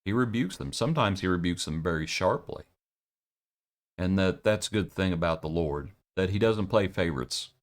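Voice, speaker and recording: A man with a low, deep voice teaches a daily devotional Bible lesson. He speaks in a reflective, halting way, often repeating a word and restarting his sentences as he works through a passage. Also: animated. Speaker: preacher.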